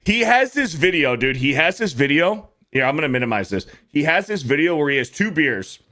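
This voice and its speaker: A man hosting a casual podcast, ranting and swearing heavily and mimicking people in a higher voice. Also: sing-song, brisk, bright, forceful tone. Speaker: podcast host.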